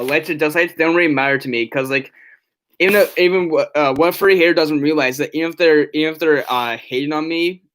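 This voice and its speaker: A man's voice: on the high side, fairly bright tone. Rambling young man chatting on stream. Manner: rambling, with many restarts and fillers. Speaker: live streamer. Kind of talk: casual live-stream chat. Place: his bedroom.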